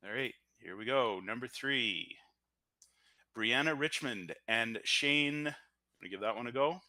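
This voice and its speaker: Forceful Canadian man hosting a draw. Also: medium pitch, measured pace, dry recording. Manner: chatty and joking, thinks aloud with fillers. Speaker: host of a live-streamed lottery draw. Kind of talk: upbeat live-stream commentary. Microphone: audio-only stream mic.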